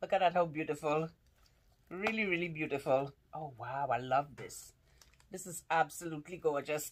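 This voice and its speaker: This is a casual unboxing vlog in which a woman opens fan mail and gifts, gushing, exclaiming and laughing a lot as she wrestles with the packaging. Her voice sits low, with a little hiss or hum in the sound.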